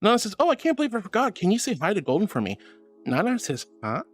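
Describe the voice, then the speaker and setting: A man's voice: sits high, huge pitch swings, fast talker. A man streaming as a VTuber, reading chat messages aloud and answering viewers affectionately, calling them sweetie and honey. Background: faint background music.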